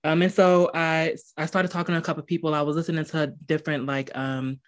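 A woman's voice: low voice, flat delivery, fast. A woman hosting a podcast, chatty and rambling, with many fillers. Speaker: podcast host. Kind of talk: casual interview chat.

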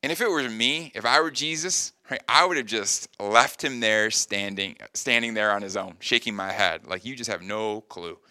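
A man's voice: mid-range voice, moderate pace, few pauses, bright, forceful tone, no echo. A man preaching a sermon in an earnest, conversational way, often checking in with the listeners. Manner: earnest, conversational preaching with frequent "right?" asides. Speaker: pastor.

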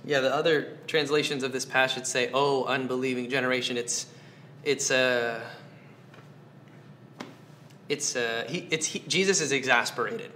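A man's voice: medium pitch, fairly even intonation, normal speed, pauses often, bright, forceful tone, slight background noise. A man preaching a sermon, earnest, asking his listeners question after question and repeating phrases for emphasis. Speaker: pastor.

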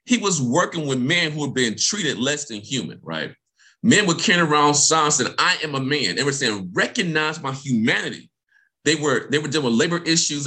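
A man's voice: medium pitch, bright, forceful tone. A man speaking as a guest presenter, delivering a passionate talk with emphatic, repeated phrases and frequent check-ins like "right?".

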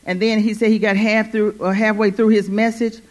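A woman's voice: medium pitch, little pitch movement, fairly quick. A woman preaching a church sermon, repeating her phrases and calling "Amen?" to the congregation. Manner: fervent, repeats phrases, call-and-response "Amen?". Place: church service.

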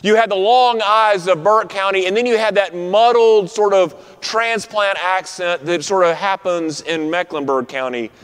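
A man with a fairly high voice preaches a sermon, building his points through rhythmic repetition and slowing down to land the key phrases. His voice carries a long reverb, as if it rises through a big sanctuary. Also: a bit bright, smooth. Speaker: pastor. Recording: long reverb of a large room.

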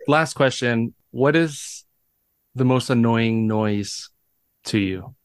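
A man's voice: medium pitch, slow pace, clear, resonant tone, no room sound. Joking man hosting a chat podcast. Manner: jokey, leads the questions, swears casually. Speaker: podcast host. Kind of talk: casual chat.

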